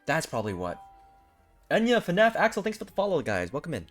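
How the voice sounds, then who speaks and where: A man streaming a game, reacting in an excitable, chatty way and greeting and thanking his chat. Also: on the high side, brisk, faint music behind. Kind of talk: casual live-stream reaction.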